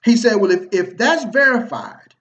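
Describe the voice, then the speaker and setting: A man telling a personal story to his viewers in a casual, motivational way, slangy and animated, acting out the people he quotes. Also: sits high, normal speed, dull audio. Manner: animated, slangy, repeats himself and acts out quoted dialogue. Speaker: online marketing video host.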